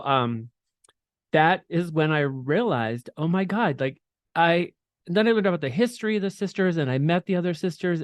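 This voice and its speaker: A man's voice: a little high, no echo. A middle-aged man as an interview guest, telling his story candidly and with animation, laughing often and swearing freely.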